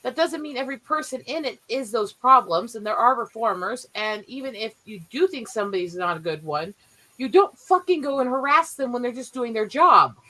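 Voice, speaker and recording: A woman in casual commentary chat, blunt and animated, swearing freely and mimicking people as she retells stories. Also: a little high, a little fast, poor audio.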